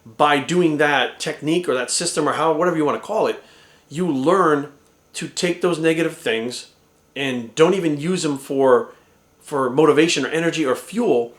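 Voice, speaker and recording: A man's voice: fairly high pitch, a bit bright. A man in his forties, a fitness coach, giving blunt, profane motivational advice and often asking "right?". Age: 40s. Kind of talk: casual motivational talk to camera. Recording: echoey room.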